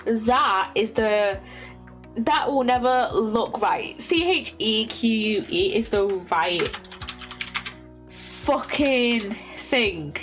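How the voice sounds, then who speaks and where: A young woman streams a word game from home, talking unhurriedly and swearing as she mutters through her guesses. Her voice sits fairly high and swings widely in pitch. Soft lo-fi music plays faintly underneath. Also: animated, drawn-out words. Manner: swears constantly, thinks aloud while guessing words. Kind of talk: casual game commentary.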